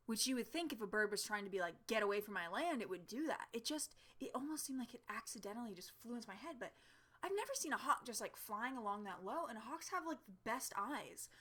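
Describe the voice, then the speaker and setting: A woman telling a story in a casual home vlog, chatty and animated, with lots of fillers and laughter, sitting at home in front of her camera. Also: fairly high pitch, moderate pace. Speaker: vlogger. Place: home, seated in a chair with her cat.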